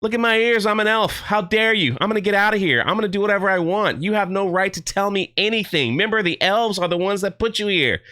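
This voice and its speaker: Guy mimicking a snooty elf lady, snappy and bitter, bright clear voice. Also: sits high, fast, hardly any pauses. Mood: indignant. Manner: snappy, indignant. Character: haughty angry female elf warrior.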